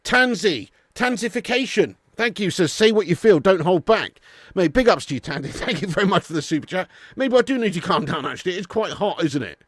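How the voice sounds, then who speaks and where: A man's voice: high-pitched, sing-song, brisk, hardly any pauses, a bit bright, husky, dry recording, clean studio sound. A young man hosting a live football fan stream, ranting fiery and laughing with lots of swearing. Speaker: football fan channel host.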